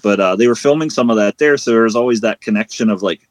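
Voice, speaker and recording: A man's voice: lowish voice, fast, dry recording. A man from Western Pennsylvania hosting a podcast, talking casually with lots of fillers. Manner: rambling, filler-heavy. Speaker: host. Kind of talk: casual chat.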